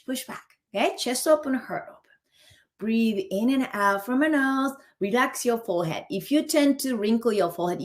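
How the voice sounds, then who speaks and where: A woman leading a face yoga session online, her voice sitting a little high. She talks students through posture and breathing and counts the holds aloud. She keeps asking whether everyone is with her. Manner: coaching, counts out holds, keeps checking in with "okay?". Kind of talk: live online guided exercise class.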